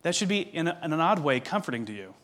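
A man preaching a sermon as pastor, reading scripture aloud and explaining it in a measured way, with direct questions to the listeners. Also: a little high, big pitch swings, fairly bright tone.

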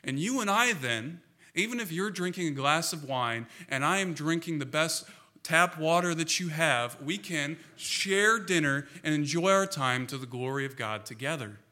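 A man's voice: on the high side, lively intonation, moderate pace, bright, forceful tone. A man preaching a sermon in a church, earnest and emphatic, often asking the congregation rhetorical questions. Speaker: pastor.

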